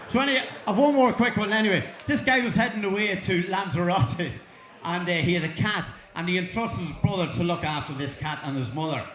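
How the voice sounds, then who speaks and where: Brief: Irish man, slightly high voice, homespun joke teller, echoey hall. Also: animated, a little fast, fairly bright tone. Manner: folksy storytelling, chuckles through punchlines. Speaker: joke-telling talent show act. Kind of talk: stand-up jokes at a school talent show. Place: school hall.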